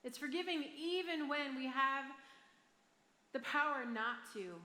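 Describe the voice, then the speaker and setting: A woman's voice: sits high, unhurried, sharp tone. A woman pastor with a Michigan accent, preaching a sermon in a chatty, self-deprecating way and often asking the crowd "right?". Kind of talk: sermon with personal story. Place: large church hall. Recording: echoey church hall with long reverb.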